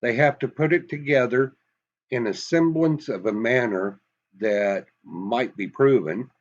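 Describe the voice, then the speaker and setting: A man's voice: mid-range voice, dull audio. A man with a Massachusetts accent giving an emphatic, folksy opinion monologue, full of rhetorical questions. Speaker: commentary vlogger.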